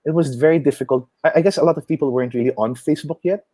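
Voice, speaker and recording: A man with a Filipino accent, a chef chatting as an interview guest, animated and quick to laugh as he tells stories. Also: fairly high pitch, breathy edge, no room sound. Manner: animated storyteller, mixes in Tagalog, laughs often. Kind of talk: casual interview conversation.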